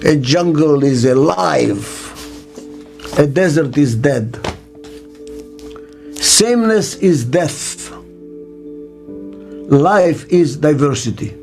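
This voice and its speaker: An older man with a Hebrew mother tongue, a business consultant speaking in an interview, slow and emphatic, repeating his key words. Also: fairly high pitch, animated, gravelly, a little mellow, soft background music. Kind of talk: interview monologue.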